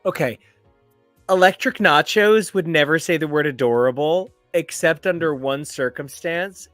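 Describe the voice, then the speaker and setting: A man's voice: a little high, measured pace, fairly bright tone, no room sound, faint music behind. Theatrical man, playful and florid. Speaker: podcast co-host. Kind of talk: casual comic book chat.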